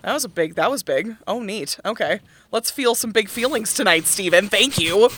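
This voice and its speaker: A woman co-hosting a casual podcast about musical theatre, animated, laughing hard and cursing freely. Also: mid-range voice, normal speed, slight background noise. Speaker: podcast co-host.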